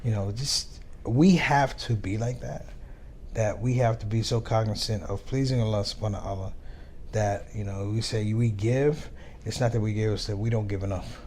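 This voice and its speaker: A man's voice: on the low side, moderate pace, slight background noise. A man, a comedian guest, telling stories in casual chat and acting out the voices of the people in them. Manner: animated storyteller, acts out dialogue. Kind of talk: storytelling chat.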